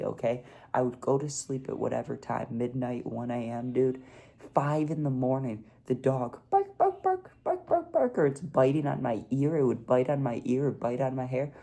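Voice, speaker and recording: A man's voice: medium pitch, creaky, warm tone. A young man telling a casual storytime vlog, laid-back and peppering his talk with "dude" and "like". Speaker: vlogger.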